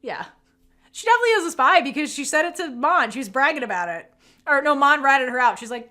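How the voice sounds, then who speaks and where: A woman with a high, bright voice retells a series scene by scene in a casual podcast chat. Her pitch swings widely as she acts out the characters' lines. She peppers her talk with "like" and casual swearing. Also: fast talker. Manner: animated storytelling, acting out character quotes; swears casually, says "like" a lot. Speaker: podcast co-host.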